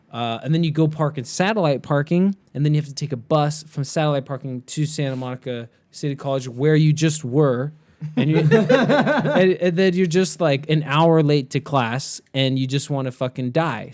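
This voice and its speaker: A man's voice: medium pitch, darkish tone. A man co-hosting a podcast in casual chat, laid-back, rambling and profane. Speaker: podcast co-host.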